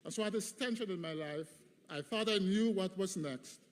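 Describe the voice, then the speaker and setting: Man, high voice, commencement speaker, repeats lines for emphasis, long reverb. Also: normal speed. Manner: emphatic, with rhythmic repetition. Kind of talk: preached commencement address. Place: large hall at a graduation ceremony.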